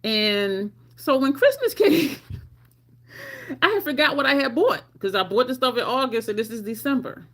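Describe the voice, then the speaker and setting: A middle-aged woman telling personal stories casually on a live stream. She is animated, laughs often, and acts out her own lines. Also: high-pitched, normal speed. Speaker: livestream storyteller.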